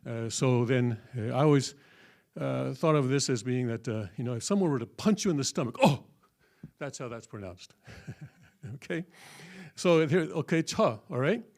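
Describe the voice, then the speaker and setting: A man teaching a classroom lesson in a folksy, halting way, often checking with the room. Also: medium pitch, creaky, darkish tone. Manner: folksy, full of fillers and checking "okay?". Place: church hall.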